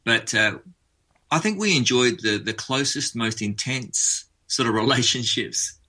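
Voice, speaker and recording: A man's voice: mid-range voice, animated, a little slow, pushed and bright. An Australian man, a musician guest in a casual radio interview, chatting in a rambling way with frequent restarts.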